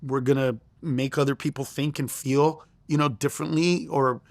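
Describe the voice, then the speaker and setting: A middle-aged male comedian telling a story in an interview, animated and profane, acting out the voices he quotes. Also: medium pitch, normal speed, dry recording. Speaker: comedian guest.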